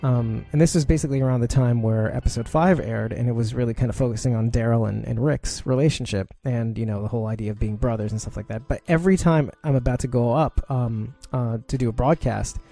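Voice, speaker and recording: A man's voice: medium pitch, fast, vocal fry, few pauses, dark tone, faint music behind. A man from Brooklyn, hosting a podcast in a rambling, casual live-stream chat full of fillers and laughs. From Brooklyn, New York. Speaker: podcast host.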